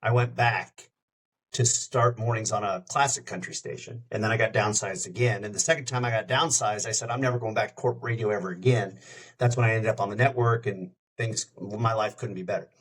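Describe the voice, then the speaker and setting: A man's voice: fairly low pitch, brisk, poor audio. A middle-aged man, a radio host, telling stories casually on a podcast and acting out the voices he quotes. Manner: animated anecdote-teller, acts out quoted voices. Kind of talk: casual storytelling.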